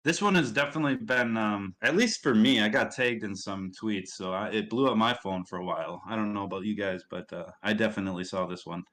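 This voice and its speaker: A man's voice: on the low side, fairly quick, hardly any pauses, a bit bright, rough recording. Upbeat Midwestern man hosting a stream. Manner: upbeat, rambling with fillers and restarts. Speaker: stream host. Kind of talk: casual livestream commentary.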